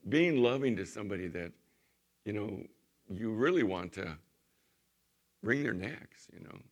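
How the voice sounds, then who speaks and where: A man's voice: fairly low pitch, lively intonation, measured pace, highs cut off. A man preaching a sermon as pastor, reading scripture aloud with rising emphasis and then talking it over in a plain, chatty way.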